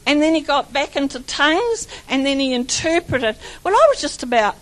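Woman preacher, high voice, charismatic sermon, rambling and fervent. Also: very animated, moderate pace, rough recording. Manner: fervent, repeats phrases, breaks into laughter; rambling with restarts and stumbles.

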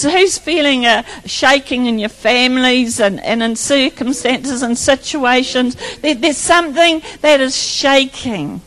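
An older woman preaches with fervent conviction. Her high-pitched voice keeps building toward loud exclamations, and she often repeats her words as she goes. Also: poor audio. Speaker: church speaker. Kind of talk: sermon.

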